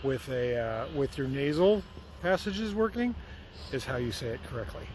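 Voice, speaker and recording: Very animated, this middle-aged American mechanic narrates his work at normal speed in a mid-range voice, with a noisy shop around him. It's a laid-back vlog where he hosts his channel and talks viewers through each step in a friendly way.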